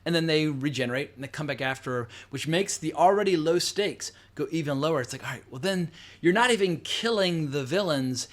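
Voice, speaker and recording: A man's voice: a little high, expressive, brisk. Middle-aged man, film critic host, blunt and sarcastic, loose rambling delivery. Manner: rambling with fillers and self-corrections. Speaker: film reviewer. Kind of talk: casual spoken movie review.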